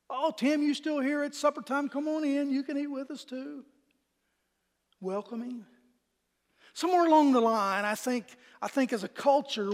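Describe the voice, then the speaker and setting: A male pastor delivers an earnest, folksy sermon, often doubling back on his words. His voice sits very high for a man, and a long reverb trails each phrase through the sanctuary.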